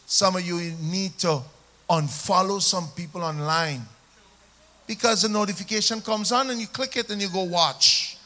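Brief: Jamaican-accented male preacher, high pitch, bright and punchy, leads the room in call-and-response. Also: moderate pace. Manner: call-and-response preaching, rising and falling emphasis. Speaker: pastor. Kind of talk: sermon.

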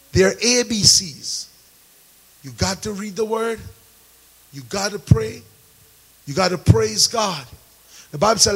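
A man preaching a sermon, calling out to the congregation and rising into shouts. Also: high voice, husky, poor audio. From Caribbean. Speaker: pastor.

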